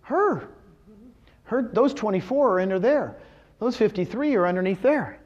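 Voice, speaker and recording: A man speaking live to a room of real estate agents, animated and quizzing his audience with questions, often acting out what others told him. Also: sits high, moderate pace, highs cut off. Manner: retells conversations in quoted voices. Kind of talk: live seminar talk.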